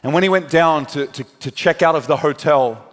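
Speaking at a moderate pace in a fairly high voice, a male pastor preaches in a large church hall whose long reverb fills the recording. He dramatizes a story, voicing each of its characters.

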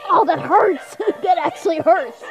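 A playful woman reacting to videos in casual banter, her voice high and leaping all over the place. Loud music from the clip plays clearly behind her. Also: measured pace, low-quality recording. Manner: playful, excitable, jokey banter. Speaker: video reactor, channel host. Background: music from the video being watched.

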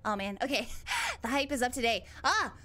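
A woman's voice: fairly high pitch, a little fast. A woman voicing a cheerful young huntress girl as a VTuber streamer, chatting live in character and squealing often. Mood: excited. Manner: bubbly, excitable, squeals often.

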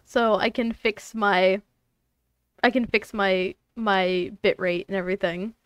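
A woman's voice: mid-range voice, fairly even intonation, a little slow, fairly bright tone, smooth. A young woman streamer chatting casually to viewers, exasperated and swearing at her technical trouble. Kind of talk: casual live-stream chat.

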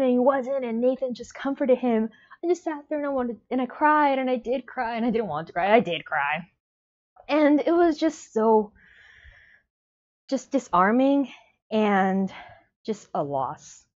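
A woman's voice: on the high side, darkish tone, lo-fi sound. A woman giving a casual, emotional book review on video, acting out her own reactions.

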